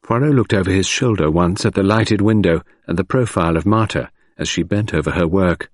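A man reading an audiobook narration in a measured, expressive way. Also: deep voice, dry recording, studio quality.

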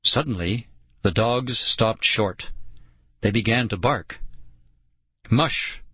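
Slow, low-voiced male narrator. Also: pushed and bright, husky, no echo. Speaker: audiobook narrator. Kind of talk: scripted first-person narration.

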